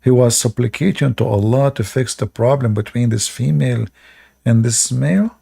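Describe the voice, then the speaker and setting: A man's voice: medium pitch, moderate pace, vocal fry, mellow, slightly rough. A man giving sarcastic live-stream commentary in non-native English while reading stories aloud, often breaking into laughter. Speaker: streamer commenting on religious texts.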